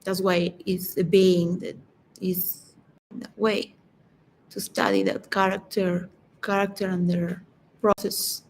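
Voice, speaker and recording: A woman's voice: on the low side, little pitch movement, slow pace, darkish tone, slight background noise, rough recording. A woman giving a reflective, philosophical solo monologue that rambles and halts, with frequent restarts. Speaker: vlogger.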